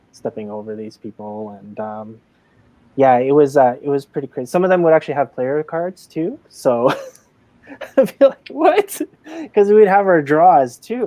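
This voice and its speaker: A chatty man recounts his days as a casino games manager in a relaxed, rambling way, often acting out the people he met. His voice is mellow and dark, and the sound is close and dry. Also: medium pitch, no room sound. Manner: chatty, full of fillers and acted-out quotes. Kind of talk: casual interview storytelling.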